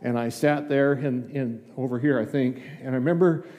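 Folksy older man preaching, mellow voice. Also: medium pitch, fairly even intonation, normal speed, in a large hall. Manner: folksy and chatty, acts out dialogue with asides. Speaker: guest preacher, district superintendent. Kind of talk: conversational sermon. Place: church sanctuary.

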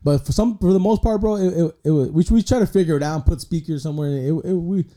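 A man's voice: a little high, quick pace, mellow. A young man, a guest comedian rambling through stories in casual, slangy podcast chat. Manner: rambling storyteller, slangy, peppered with 'bro'.

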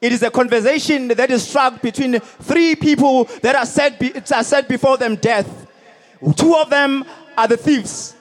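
A man preaching a sermon as pastor at a stadium service, emphatic and repetitive, rising to shouted peaks. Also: extremely high pitch, moderate pace.

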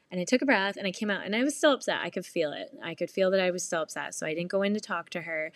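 Woman, 30s, mom vlogger; candid, rambling confessional, a touch low-pitched, dry recording. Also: quick pace, no echo. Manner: earnest, rambling, candid, laughs often.

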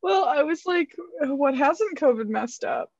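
A young American woman co-hosting a casual chat, playful with deadpan asides. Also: high voice, a little slow, no room sound. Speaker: podcast co-host. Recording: slightly dull lo-fi mic.

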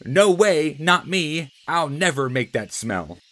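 A man's voice: on the high side, very animated, slow, a bit bright, pitched above the performer's own voice, heavily acted. A man voicing a small, stubborn boy skunk in a storybook, whiny and insistent.

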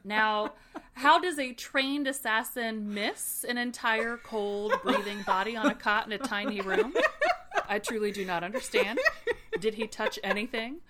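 Young woman host, snarky, swears a lot, animated recap delivery. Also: a little high, measured pace, crowd noise. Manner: sarcastic, profane, animated. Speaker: podcast host. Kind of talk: casual book recap.

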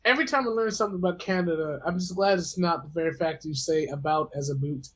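A man's voice: high voice, quick pace. An American man co-hosting a podcast, joking and teasing in a casual chat. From United States. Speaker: podcast co-host.

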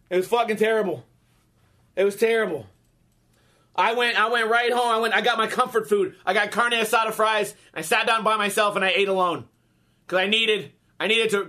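A man's voice: high voice, pushed and bright. A man in his thirties telling a comic story in a profane, exasperated rant.

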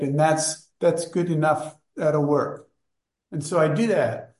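A man's voice: fairly high pitch, slow pace, darkish tone, reverberant. A man in a study group, casually telling a personal story and rambling as he searches for words.

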